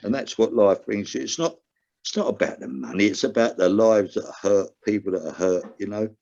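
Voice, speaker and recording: A recovering gambler, an older man, shares his personal story as a guest on a podcast, earnest and emotional, his voice jumping sharply whenever he emphasizes something. The voice is lowish, animated, fairly quick and a little mellow, on a dull lo-fi recording.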